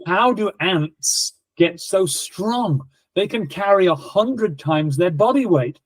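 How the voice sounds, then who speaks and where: A man's voice: sits high, slow pace, dry recording, pitched above the performer's own voice, full character voice. A man voicing an eager young schoolboy who begs for the teacher's attention. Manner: excited, pleading for the teacher's attention.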